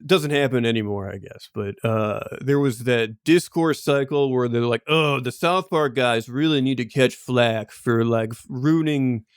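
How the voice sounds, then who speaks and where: A man's voice: mid-range voice, measured pace, few pauses, clean tone, no echo, clean studio sound. A man co-hosting a podcast, telling stories in loose, rambling casual chat full of asides and laughs. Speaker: podcast co-host.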